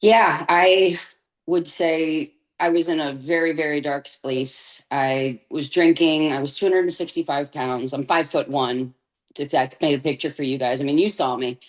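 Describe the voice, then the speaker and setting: A woman's voice: deep voice, fairly even intonation, normal speed, rough recording. A woman guest on an interview podcast, sharing her personal testimony candidly and vividly.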